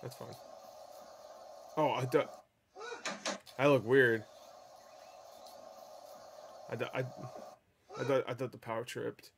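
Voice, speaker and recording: A woman hosting a meme reaction video, cursing freely, laughing loudly and yelling back at the clips. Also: a bass voice, fairly even intonation, slow, vocal fry, pauses often, heavy background noise. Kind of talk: casual meme reaction commentary.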